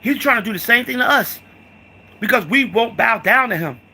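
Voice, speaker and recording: A man's voice: very high-pitched, lively intonation, normal speed, sharp tone, slight background noise. A man from the United States giving a heated, profane political rant, repeating himself and calling the listener "dog".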